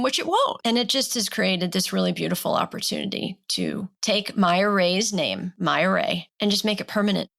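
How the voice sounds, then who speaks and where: A woman's voice: mid-range voice, very animated, normal speed, gravelly, hardly any pauses, a bit bright. A woman guest on a podcast, a life coach talking in a heartfelt, emphatic way in casual conversation.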